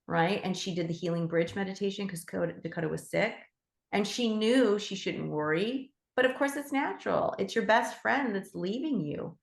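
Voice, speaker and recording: A woman teaching animal Reiki in a gentle, heartfelt way, with fillers and restarts. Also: mid-range voice, reverberant. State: emotional. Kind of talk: casual spoken teaching.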